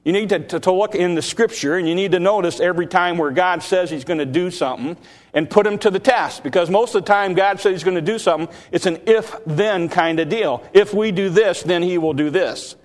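Man, preacher, high voice, earnest sermon, halting restarts, long church reverb.

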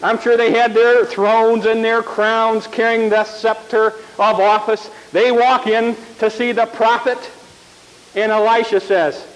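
High-voiced folksy preacher man. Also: a little slow, rough recording. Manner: folksy storytelling, animated, repeats words. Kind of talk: sermon.

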